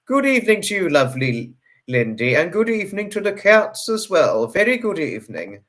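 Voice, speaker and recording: A man's voice: big pitch swings, moderate pace, fairly bright tone. A man hosting a livestream, effusively greeting viewers and repeating his hellos over and over. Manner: pitch swings up and down sharply. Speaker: livestream host.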